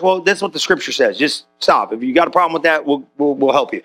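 A man preaching an energetic, conversational sermon in a church, full of quick asides to the congregation. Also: faint music behind. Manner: energetic, conversational, high-spirited with frequent asides. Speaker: pastor.

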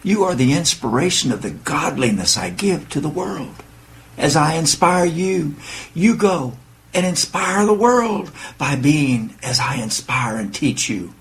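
A man voicing Jesus in a guided devotional meditation, speaking gently, solemnly and reassuringly. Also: a little high, expressive, a little slow, breathy edge, exaggerated voice. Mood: loving. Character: gentle loving male Jesus, calm and assured.

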